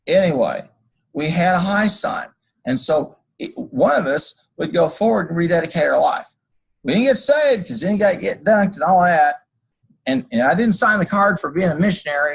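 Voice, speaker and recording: Through a rough screencast recording, a college instructor with a slightly high, expressive, creaky and husky voice talks at normal speed. He works through code for his class, wandering off into folksy personal anecdotes.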